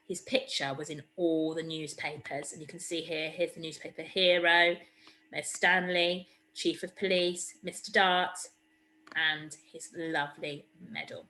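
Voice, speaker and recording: A woman's voice: low voice, pushed and bright, a little hiss or hum, poor audio. Encouraging woman teacher. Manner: encouraging, explains step by step. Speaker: primary school teacher. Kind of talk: recorded online reading lesson.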